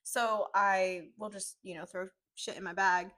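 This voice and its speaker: A woman's voice: medium pitch, steady tone, bright, forceful tone. Playful young woman co-host. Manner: playful, teasing, with quick reactions. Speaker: podcast co-host. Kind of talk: casual chat.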